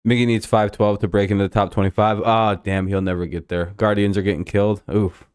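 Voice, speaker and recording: A man streaming live, chatting casually about a baseball game, excitable, swearing freely and bantering with his chat. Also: lowish voice, a little fast, smooth, dry recording, studio quality.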